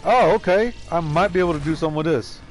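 A man giving live commentary over his own gameplay, excitable and full of profane trash talk, yelping and laughing at his plays. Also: on the high side, quick pace, faint music behind. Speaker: streamer.

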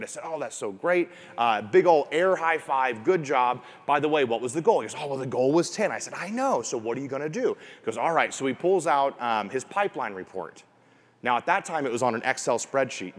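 A man coaching real estate agents in a seminar, repeating key points and acting out clients' lines. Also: mid-range voice. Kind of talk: motivational seminar talk. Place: room with an audience. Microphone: wearing a mic.

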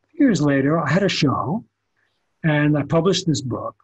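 An older photographer tells anecdotes in a relaxed interview. His voice is husky and sits slightly high. He talks animatedly and often restarts his phrases. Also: normal speed, rough recording. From the Bronx, New York. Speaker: photographer guest. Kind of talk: conversational storytelling interview.

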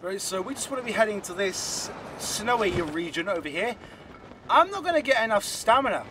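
A man hosting a let's play, rambling in excitable self-talk as he plays. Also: high voice, fairly quick, noisy background. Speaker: gaming channel host.

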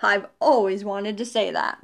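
A woman's voice: mid-range voice, steady tone, moderate pace, vocal fry, natural voice. A woman reading a storybook voices an enthusiastic male school principal who declaims his lines heartily. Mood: hearty.

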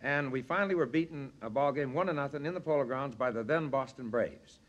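A man guest on a 1960s television variety show, telling lively stories with a gruff, animated storyteller's manner. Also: mid-range voice, fairly quick, muffled recording. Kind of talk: anecdote-telling chat. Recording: 1963 studio show, audience behind.

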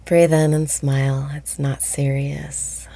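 A woman guiding a meditation, speaking slowly and softly, often breathy and whispered. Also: low voice, little pitch movement, a little hiss or hum. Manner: slow, soft-spoken, often breathy and whispered. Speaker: meditation guide. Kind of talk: guided meditation.

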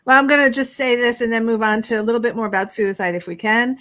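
A woman with a fairly high voice hosts a live online interview. She talks quickly and eagerly, steering the guest back to her questions. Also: steady tone, bright, forceful tone. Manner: quick and eager, laughs readily. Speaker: host. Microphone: online live stream.

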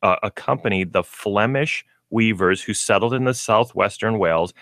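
A man co-hosting a casual pet radio show, reading aloud haltingly and stumbling over hard words. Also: lowish voice, a bit bright, no room sound, studio quality. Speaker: co-host, pet store representative.

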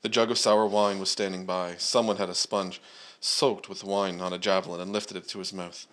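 A man with a somewhat low voice leads a church service. He prays and then reads a long scripture passage aloud at a measured pace. His delivery is dotted with "uh" and "um" fillers. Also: flat delivery, fairly bright tone. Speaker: preacher. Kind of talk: prayer and scripture reading.

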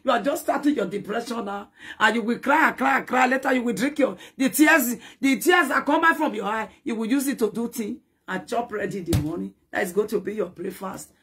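A woman's voice: on the high side, brisk, fairly bright tone, husky. A woman ranting in a dramatic, scolding social media commentary, taunting and repeating herself.

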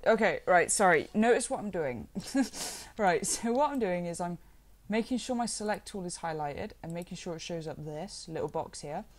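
A woman walking viewers through a software tutorial in a casual, chatty way, rambling now and then with self-deprecating asides. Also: lowish voice, expressive, moderate pace. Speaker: modding tutorial maker.

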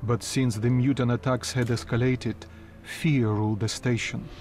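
An actor narrating a video game as a young man recalling his home, reflective and measured. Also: medium pitch, fairly even intonation, a little mellow, faint music behind, natural voice. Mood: somber. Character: young adult male narrator looking back.

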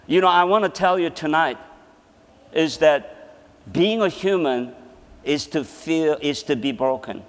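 A man's voice: on the high side, lively intonation, unhurried. A man giving a sermon as a seminar presenter, telling a personal story and laughing often as he talks. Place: church hall. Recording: long hall reverb.

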